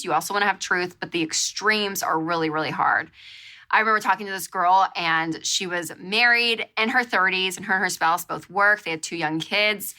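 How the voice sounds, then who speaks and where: A woman hosting a show, telling a story in a casual, animated way with lots of fillers. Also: fairly low pitch. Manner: animated, chatty, lots of fillers and repeated exclamations. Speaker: show host.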